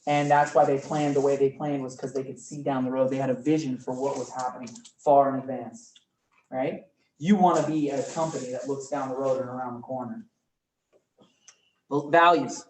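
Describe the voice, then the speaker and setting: A man teaching a real estate class, energetic and often quizzing his students. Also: medium pitch, brisk. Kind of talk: live classroom training talk. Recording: roomy room, mic from far off, faint noise.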